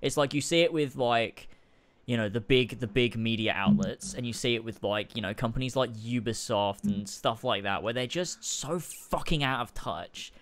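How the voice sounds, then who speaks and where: A man co-hosting a laid-back podcast, his voice sitting at an ordinary middle pitch. He rants and swears freely, often stopping and restarting his sentences. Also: normal speed. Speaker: podcast co-host. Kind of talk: casual podcast chat.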